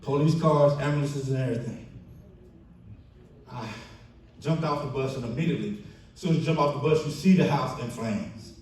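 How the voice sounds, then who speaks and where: In an echoey church banquet hall, a man delivers his keynote testimony in a mid-range voice at a moderate pace, pausing often. The mic is distant with slight background noise, and he animates his storytelling by acting out quoted friends.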